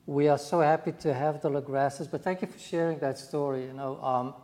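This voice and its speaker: A male pastor addresses his congregation in a gentle, measured way. His voice sits a little high for a man. A long reverb from the church hall trails behind each phrase. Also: fairly even intonation. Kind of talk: sermon.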